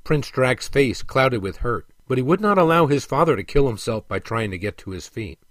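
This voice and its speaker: A man narrating a fantasy audiobook in a measured storytelling voice that drops low and soft on the speech tags. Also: big pitch swings, no room sound.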